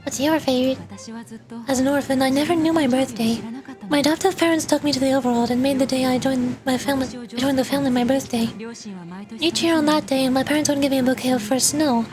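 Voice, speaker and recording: High-voiced woman streamer reading game lines. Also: steady tone, quick pace. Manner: reads all characters' lines with casual asides. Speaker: vtuber streamer. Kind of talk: reading game dialogue aloud while playing. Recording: game music behind the voice.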